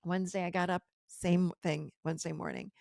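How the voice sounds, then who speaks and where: Middle-aged female podcast host, low gravelly voice, candid storytelling with quoted dialogue, dry close sound. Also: level tone, brisk, a little mellow, no room sound. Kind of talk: personal storytelling.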